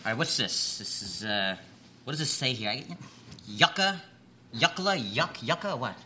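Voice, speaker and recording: A man's voice: mid-range voice, big pitch swings, normal speed, noisy background, close to an everyday voice. An actor playing a rude, scatterbrained boss in a comedy sketch, talking bluntly and dragging out his words. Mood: baffled, pushy. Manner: blunt, rambling, drags out words. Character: rude scatterbrained middle-aged male boss.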